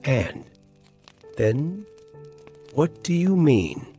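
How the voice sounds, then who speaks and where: A man's voice: fairly low pitch, slow, a little mellow, faint music behind. A man voicing a small, timid male piglet who speaks hesitantly. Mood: anxious.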